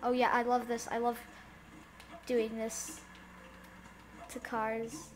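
A woman giving casual gameplay commentary, giggling, getting excited and talking to the characters on screen. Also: a little high, slow pace, slight background noise. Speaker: let's play gamer.

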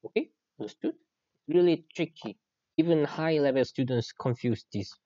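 A man's voice: fairly high pitch, expressive, moderate pace, mellow, dry recording, dull audio. Korean-accented man teaching with patient repetition. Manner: patient, repeats key phrases, mixes Korean words into English. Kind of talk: online language lesson.

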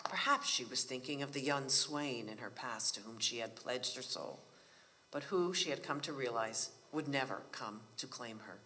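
A man reading a novel aloud at a library book talk, with a measured storytelling cadence. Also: medium pitch, sharp tone, big-room sound, a little hiss or hum.

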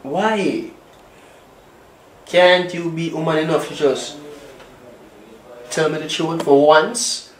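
An actor with a Jamaican accent playing a hurt, accusing husband, pleading and repeating himself. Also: male voice, a little high, slow, long pauses. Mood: angry. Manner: pleading, repetitive, rising questions. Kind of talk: low-budget film acting. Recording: echoey room, faint hiss.

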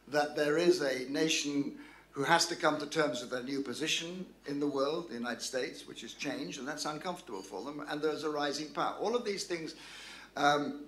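Man, slightly high voice, guest speaker at a club talk, halting anecdotal delivery, echoey room. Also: fairly bright tone. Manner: anecdotal, thoughtful, with frequent restarts and ums. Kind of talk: public lecture Q&A answer. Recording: roomy hall echo.

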